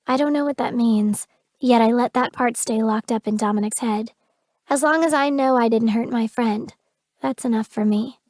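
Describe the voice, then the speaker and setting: A woman's voice: fairly high pitch, moderate pace, darkish tone, no room sound. Woman, audiobook narrator, emotional first-person reading, dry close mic. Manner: intimate, emotional delivery.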